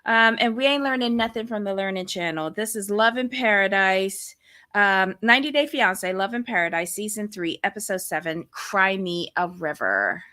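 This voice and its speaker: A woman co-hosting a casual recap show, greeting her viewers by name and backing up her co-host with steady agreement. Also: medium pitch, normal speed. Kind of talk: casual chat.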